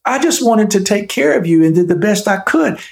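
A man voicing a frightened, shrunken male ogre caretaker who wails in a shrill voice. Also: expressive, fairly quick, vocal fry, darkish tone. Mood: wailing. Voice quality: shrill, wailing. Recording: echoey room.

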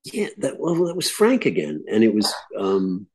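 Deep raspy guy, actor being interviewed, reminiscing slow and thoughtful. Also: wildly swooping pitch. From grew up on a farm. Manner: reflective, reminiscing. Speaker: actor guest. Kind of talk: casual interview conversation.

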